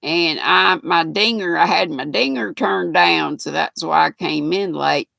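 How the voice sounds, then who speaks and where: On the low side and delivered at a measured pace, the host's creaky voice sounds bright and forceful. She's an older woman with a North Carolina Southern accent, reading out viewer comments during a live stream with folksy chatter and laughter. The recording has no echo.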